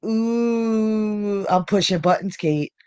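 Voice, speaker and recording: A woman co-hosting a casual live-stream chat, teasing with drawn-out exclamations. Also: on the low side, animated. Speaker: co-host.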